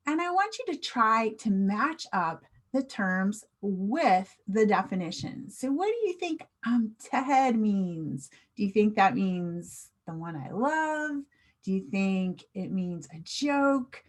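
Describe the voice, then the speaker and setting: An American woman teaching English slang in an online class. She speaks clearly and asks the viewer questions. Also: fairly high pitch, big pitch swings, slow.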